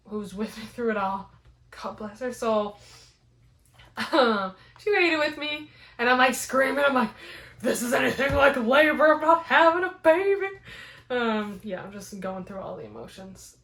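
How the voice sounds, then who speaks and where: A young woman telling a rambling, animated story in a casual vlog, full of "like" fillers. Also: medium pitch. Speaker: fitness vlogger. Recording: roomy echo.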